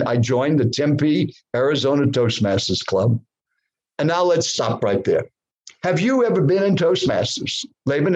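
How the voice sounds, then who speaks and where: Animated, husky older man telling a story. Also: fairly high pitch, rough recording. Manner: animated, addresses the host directly, poses questions to the listener. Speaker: guest speaker. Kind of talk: dramatic storytelling in a podcast interview.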